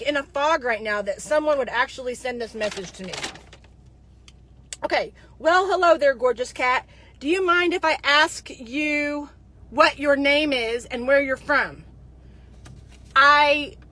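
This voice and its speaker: A middle-aged woman from Dallas, Texas, ranting to camera in a casual vlog, exasperated and animated, with many restarts. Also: on the high side. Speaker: vlogger.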